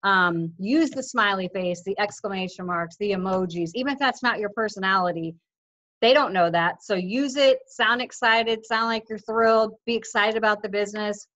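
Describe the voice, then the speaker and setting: A woman's voice: mid-range voice, normal speed, a bit bright, poor audio. A woman leading her team on a video call, coaching in a casual, upbeat and insistent way, acting out what others say. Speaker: team leader coaching affiliates.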